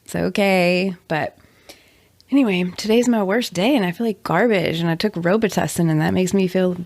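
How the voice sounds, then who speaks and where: A woman co-hosting a podcast in casual chat, her voice raspy and hoarse from a cold, chatty and upbeat. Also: fairly low pitch, moderate pace, darkish tone, no echo. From North Carolina. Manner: chatty and upbeat, laughs often. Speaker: podcast co-host; mother. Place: closet.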